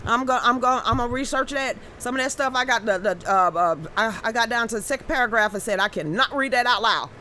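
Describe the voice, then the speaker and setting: An excitable woman runs a casual live stream, reading viewer comments aloud. Her voice sits fairly high, and she stumbles through restarts before bursting into exclamations. A faint background hum sits under her talk. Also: fast, few pauses.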